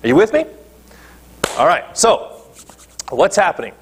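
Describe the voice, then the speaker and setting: Man, pastor, sermon, emphatic, checks in with listeners, husky, slightly high voice. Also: huge pitch swings, a little slow. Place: church.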